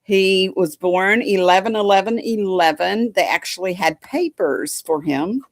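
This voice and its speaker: A woman's voice: mid-range voice, a little slow, no echo, clean studio sound. A woman chatting casually to a live audience at home, folksy and doting, drifting into baby talk with her dog. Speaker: livestream host chatting with viewers.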